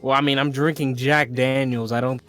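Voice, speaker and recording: A man's voice: medium pitch, fairly even intonation, normal speed, a bit bright, soft background music. A man playing a tabletop roleplay with friends, chatting loosely and laughing often. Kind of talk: casual in-character chat.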